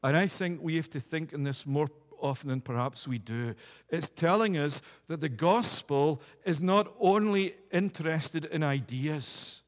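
A man delivers a sermon in a slightly high voice, building emphatic repeated phrases that climb in force. His voice rings out with a long reverb tail, as in a large church hall. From United Kingdom. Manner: emphatic, building repeated declarations to a rising pitch. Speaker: preacher.

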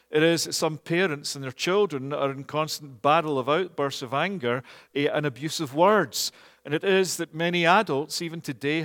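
A man preaching a sermon in a church, measured and earnest, often pausing on "eh". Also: a little high, fairly bright tone, in a large hall. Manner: measured and earnest, with frequent "eh" fillers. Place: church, also streamed online.

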